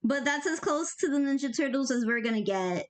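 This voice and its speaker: A woman's voice: sits high, animated, fairly quick, a little hiss or hum. A young woman and animator chatting casually as she works, rambling and joking while handing out offhand tips. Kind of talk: casual commentary while working.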